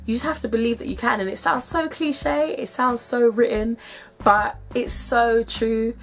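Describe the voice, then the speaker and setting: A woman's voice: a little high, steady tone, moderate pace, vocal fry. A woman from the UK talking straight to her viewers in a vlog, emphatic and emotional, repeating herself for effect. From United Kingdom. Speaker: vlogger. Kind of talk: direct-to-camera vlog.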